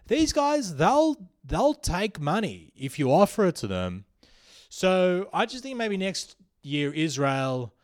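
A young man hosting a comedy podcast, riffing through a satirical monologue with rambling restarts and sudden loud bursts of emphasis. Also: a little high.

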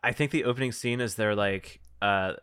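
Woman, very low voice, podcast chat, thoughtful, musing. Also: moderate pace, a bit bright, clear, resonant tone. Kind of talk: casual chat.

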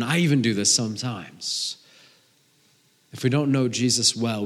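A man in his thirties preaching a sermon, earnest, swinging between emphatic stretches and hushed ones, often repeating a word as he restarts. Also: medium pitch. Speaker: pastor. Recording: long reverb of a large hall.

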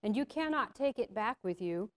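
A woman's voice: medium pitch, lively intonation, lightly acted. Gabriel, a woman reading a firm, kind angel. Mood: solemn. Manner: firm, solemn, unhurried. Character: firm but kind male angel guardian. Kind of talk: storybook reading.

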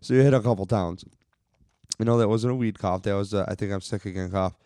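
A man's voice: fairly low pitch, quick pace, dark tone, no echo, clean studio sound. A man telling a long, profane, rambling story on a casual podcast, from Western New York. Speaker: podcast co-host.

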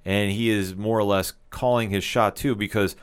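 A man co-hosting a podcast, explaining a TV episode in a measured, casual way. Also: on the low side, fairly even intonation, clean tone. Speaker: podcast co-host. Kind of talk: casual TV recap discussion.

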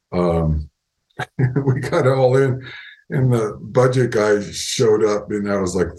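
An older man as an interview guest, telling casual work anecdotes with lively retellings and frequent laughter. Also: on the low side, low-quality recording. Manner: animated anecdotes, acts out quoted voices, laughs often. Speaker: interview guest, animatronics animator.

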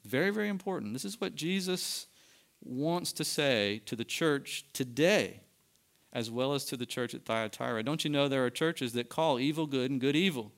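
A man's voice: medium pitch, moderate pace. A man preaching a sermon to his church, building to emphatic peaks. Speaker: pastor. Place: church sanctuary.

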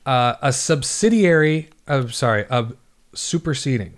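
A man's voice: medium pitch, animated, a little slow. A young adult man co-hosting a podcast, reading news stories aloud in a casual, joking way, swearing and stumbling over words as he goes. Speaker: podcast co-host.

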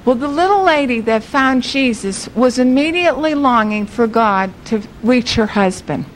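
A woman delivering a sermon as a story, earnest and emphatic, drawing out the words that matter. Her voice sits a little high, and a faint low rumble runs behind it. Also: lively intonation, normal speed, poor audio. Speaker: preacher.

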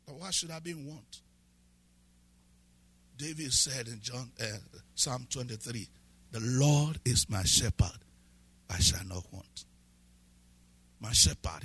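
A man preaching a sermon as a pastor, swinging from low asides to shouted, half-sung lines and repeated questions to the congregation. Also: husky. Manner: breaks into speaking in tongues.

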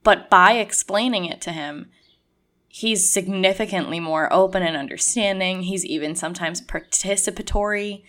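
A young adult woman chatting casually as a podcast co-host, acting out quoted lines with lively shifts in voice. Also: medium pitch, moderate pace. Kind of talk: casual conversation.

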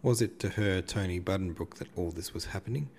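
Low voiced guy reading a novel aloud, steady, faint hiss. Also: fairly quick. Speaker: audiobook narrator. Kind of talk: literary audiobook narration.

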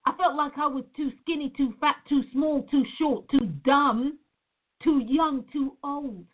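A woman's voice: sits high, fairly even intonation, measured pace. A woman from Nevada speaking earnestly and reflectively to her viewers, often repeating her phrases. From Nevada, USA. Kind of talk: personal monologue to viewers. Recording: phone-like narrow sound.

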